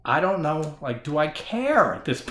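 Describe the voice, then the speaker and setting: A man's voice: a little high, sing-song, unhurried, fairly bright tone, echoey room. A man giving a casual solo discussion of a horror film, ranting with plenty of swearing and frequent laughter. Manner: profane, ranting, laughs often.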